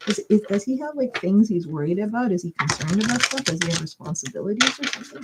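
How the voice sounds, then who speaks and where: Gravelly-voiced woman reading tarot live. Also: mid-range voice, lively intonation, normal speed, very noisy. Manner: chatty, giggly, thinks aloud with many fillers. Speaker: tarot reader. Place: home.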